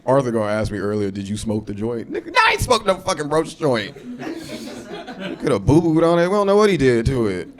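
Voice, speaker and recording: A man in his thirties doing a stand-up set, brash and profane, jumping into shrill high voices for punchlines. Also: wildly swooping pitch, a little fast. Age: 30s. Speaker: stand-up comedian. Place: comedy club stage. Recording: live club crowd laughter. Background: audience laughing.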